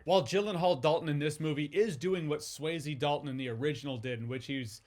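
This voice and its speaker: Man, slightly high voice, measured scripted review narration. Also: darkish tone. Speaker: film reviewer in a played clip.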